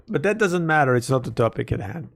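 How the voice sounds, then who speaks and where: Gravelly and fairly quick, his mid-range voice has a sing-song lilt. He's a live-streamer giving casual commentary on game lore, rambling, self-correcting, and floating theories.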